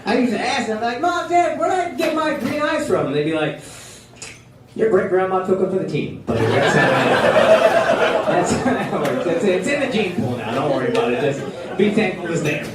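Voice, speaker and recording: A man in his thirties doing stand-up comedy and crowd work, loud and animated, shouting his punchlines in put-on voices. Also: on the high side, moderate pace. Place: comedy club stage before a laughing crowd. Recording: roomy live club sound with loud crowd noise.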